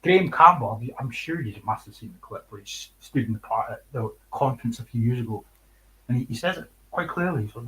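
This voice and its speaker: A man's voice: mid-range voice, expressive, fairly quick, fairly bright tone, poor audio. Sweary scornful Scottish man. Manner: sweary, scornful, laughs between points. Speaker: livestream host. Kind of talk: casual chat.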